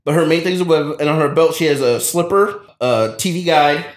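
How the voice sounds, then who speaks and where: A man's voice: fairly high pitch, brisk. A man co-hosting a casual comedy chat, telling a story with lots of energy and frequent laughter. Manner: animated storyteller, laughs often. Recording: roomy echo.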